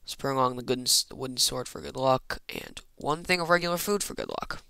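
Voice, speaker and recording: A man's voice: mid-range voice, fairly quick, creaky, sharp tone, smooth, dry recording. A man giving rambling, self-mocking commentary while playing a game, muttering asides to himself. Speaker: Minecraft let's player. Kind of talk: casual gameplay commentary.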